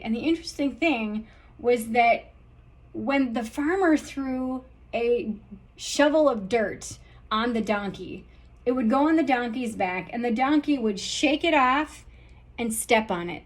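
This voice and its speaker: A woman hosting a podcast, telling a story in a lively, animated way and acting out the characters' reactions. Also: a little high, unhurried. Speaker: podcast host.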